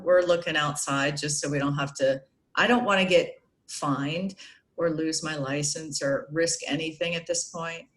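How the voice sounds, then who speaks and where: A woman's voice: low-pitched, a bit bright. A woman youth soccer coach chatting on a video call, rambling with frequent restarts and laughing as she talks. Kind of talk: casual video call meeting.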